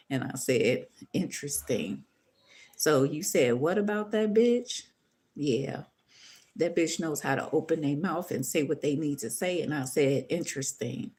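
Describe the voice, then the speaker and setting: A woman giving a casual, rambling tarot reading, full of profanity, calling viewers "boo" and "baby.". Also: sits low. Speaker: tarot reader. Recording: steady background noise.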